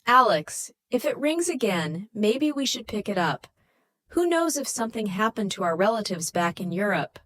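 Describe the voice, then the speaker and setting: A woman's voice: medium pitch, big pitch swings, normal speed, fairly bright tone, no room sound. A woman voicing a worried, agitated wife answering a late-night phone call. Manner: anxious, raised voice.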